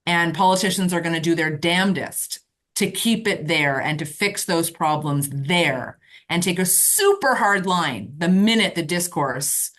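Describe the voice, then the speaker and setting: Low-voiced woman, earnest and emphatic. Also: measured pace, a bit bright. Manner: earnest, emphatic, many restarts. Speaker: political reporter, podcast guest. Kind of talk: casual political talk. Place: remote from Ottawa.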